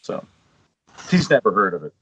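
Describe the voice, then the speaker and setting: Animated, teasing man on a podcast. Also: fairly low pitch, normal speed, husky. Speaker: guest. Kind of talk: casual joking chat.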